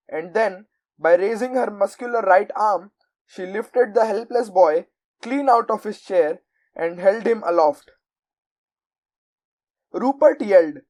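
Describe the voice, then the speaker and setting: A young woman narrating a children's storybook aloud in a measured, expressive way. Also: medium pitch, rough recording. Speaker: volunteer audiobook reader.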